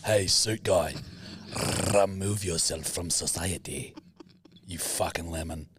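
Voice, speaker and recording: A man's voice: low-pitched, takes it slowly, a little hiss or hum. A young man co-hosting a podcast, joking crudely and swearing freely. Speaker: podcast co-host. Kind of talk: casual chat.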